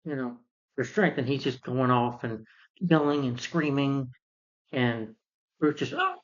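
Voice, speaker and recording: A man's voice: medium pitch, a little slow, muffled recording. A man giving a casual, rambling film review, retelling scenes and acting out characters.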